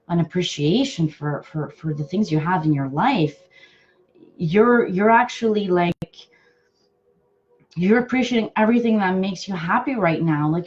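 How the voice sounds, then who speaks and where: A woman giving live card readings to viewers, affectionate and halting, with many fillers and restarts. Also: medium pitch, lo-fi sound. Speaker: intuitive card reader.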